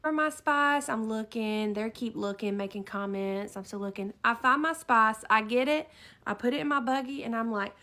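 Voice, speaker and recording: A woman giving an animated, dramatic storytime narration. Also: a little high, moderate pace.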